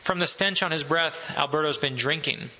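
A man's voice: a little high, normal speed, sharp tone, low-quality recording. A man giving a talk and reading from his own novel, wry and self-deprecating. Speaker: author.

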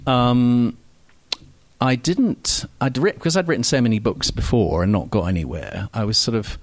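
A man's voice: mid-range voice, animated, normal speed, no room sound. A man telling stories in an interview, rambling and self-deprecating, with frequent ums and restarts. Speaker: novelist guest. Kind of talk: casual anecdotal interview talk.

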